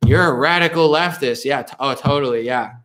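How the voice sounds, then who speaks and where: A man's voice: medium pitch, a little fast, a bit bright. A man hosting a casual political live stream, reading viewer comments aloud and answering them in a loose, rambling way with frequent restarts and dismissive asides.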